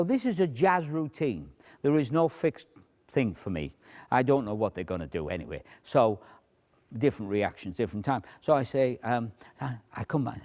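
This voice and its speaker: A man with a middling pitch and a lively, swooping delivery walks through a stage routine as if teaching a class. He shifts between a raised, performing voice and a hushed near-whisper to show how he cues his volunteers. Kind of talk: demonstration lecture.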